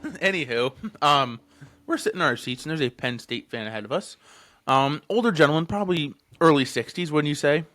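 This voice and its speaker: Young male podcast co-host, mid-twenties, bright and animated delivery, profane and giggly storyteller. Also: a little high, fairly quick. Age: 20s. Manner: profane, laughs often, lots of fillers.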